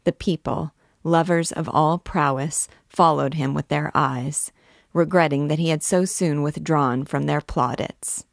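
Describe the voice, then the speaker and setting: Low-pitched woman reader, slow and measured literary narration, some vocal fry. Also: no echo, studio quality. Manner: measured, deliberate reading. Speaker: book reader and guide. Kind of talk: literary read-aloud narration.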